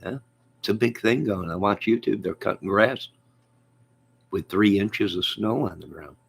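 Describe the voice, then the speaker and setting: A man's voice: on the low side, measured pace, vocal fry, breathy edge. A man hosting a casual live stream from home, rambling about his day, reading out viewer comments and laughing often.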